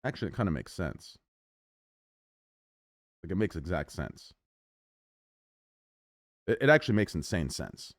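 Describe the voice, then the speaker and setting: A man's voice: deep voice, big pitch swings, measured pace, long pauses, dry recording, clean studio sound. A man live streaming and ranting casually to his chat, rambling and swearing a lot as he jumps between topics and mocks himself.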